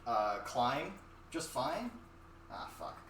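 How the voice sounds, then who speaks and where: A young man with a medium-pitched, slightly bright voice streams from his home kitchen as he cooks, his pitch swooping wildly while he talks slowly. His casual chatter rambles and gets profane. A distant mic picks him up in an echoey room with faint noise.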